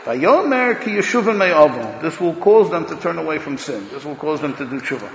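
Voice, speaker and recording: A man giving a Torah lecture in an emphatic, loud way, swinging between declarations and muttered asides, recorded dull in an echoey hall. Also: fairly high pitch, quick pace, vocal fry, a little hiss or hum. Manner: talks loudly, says he is hard of hearing. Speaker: rabbi giving a Torah class.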